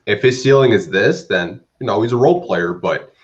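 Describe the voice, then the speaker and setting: A man's voice: on the low side, animated, moderate pace. A man co-hosting a casual basketball podcast, talking in an easygoing, thoughtful way, on dull lo-fi audio. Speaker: podcast co-host. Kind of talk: casual sports talk.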